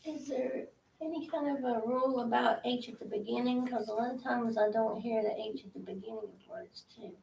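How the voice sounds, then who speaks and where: Curious woman, gravelly, far off. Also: fairly high pitch, steady tone, brisk, dark tone. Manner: curious, asks questions. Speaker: student. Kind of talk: classroom question. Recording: roomy, from far off, faint noise.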